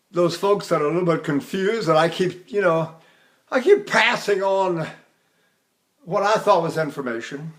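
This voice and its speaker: An older man teaching vocal technique in a recorded lecture, talking casually and breaking into sung vowels to demonstrate. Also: on the high side. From Texas.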